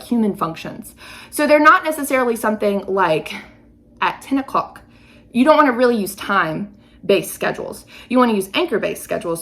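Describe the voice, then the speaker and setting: A woman's voice: medium pitch, creaky. A woman in her thirties talks through her ideas as a podcast host, in a mid-range voice. She explains with everyday examples and lifts her voice sharply on key points. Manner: chatty, explains with examples, lively emphasis. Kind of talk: casual podcast teaching.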